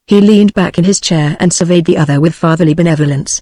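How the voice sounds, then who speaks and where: A British English female synthetic voice narrating an audiobook with even, phrase-by-phrase delivery. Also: lowish voice, fast, hardly any pauses, no room sound. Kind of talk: text-to-speech book reading.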